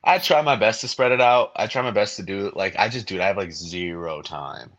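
A man's voice: lowish voice, brisk, a bit bright, highs cut off, slight background noise. A young man on a podcast, chatting in a laid-back, slangy way full of "like". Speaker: podcast co-host. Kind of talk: casual chat.

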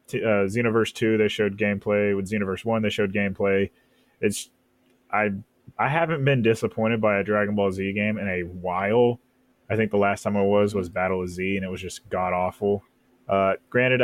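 A man's voice: on the low side, no echo. A man co-hosting a casual podcast, rambling enthusiastically about games with many fillers. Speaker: podcast co-host. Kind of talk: casual chat.

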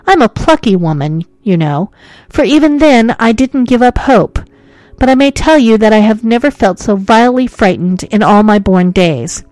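A woman's voice: on the high side, animated, normal speed, darkish tone, dry recording. A woman reading a ghost story aloud as narrator, with dramatic, suspenseful delivery.

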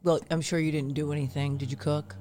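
A woman's voice: low-pitched, little pitch movement, fast talker, warm tone. A woman co-hosting a casual chat, laughing often and swearing freely. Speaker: podcast co-host.

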